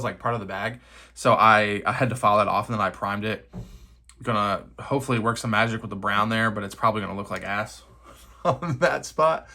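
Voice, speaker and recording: A man's voice: mid-range voice, bright, forceful tone. A young man chatting casually while he paints a miniature at his desk, thinking aloud and poking fun at himself. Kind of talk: casual narration over a painting session.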